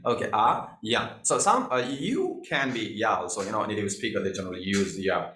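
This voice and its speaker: Man, teacher, rather low pitch, repeats phrases, echoey room recording. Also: lively intonation, normal speed, a bit bright. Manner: repeats phrases, many "you know" fillers. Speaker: English teacher. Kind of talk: online spoken English lesson.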